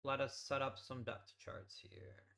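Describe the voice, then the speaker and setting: A man's voice: medium pitch, level tone, a little slow, a bit bright. A man hosting a let's play, giving casual gameplay commentary as he thinks aloud and swears offhandedly.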